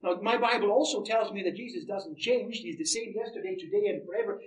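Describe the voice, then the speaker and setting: A man preaching a sermon, emphatic, swinging between loud and quiet. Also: high voice, fairly quick, hardly any pauses, a little hiss or hum. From Canada. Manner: emphatic, rising and falling in volume. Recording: roomy echo, heard from a distance.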